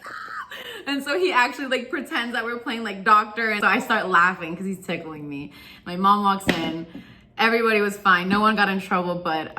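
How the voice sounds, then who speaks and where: A young woman from Florida, a singer, chatting to camera and telling childhood stories in an animated way, laughing often. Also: mid-range voice. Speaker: singer and vlogger. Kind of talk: chatty storytelling.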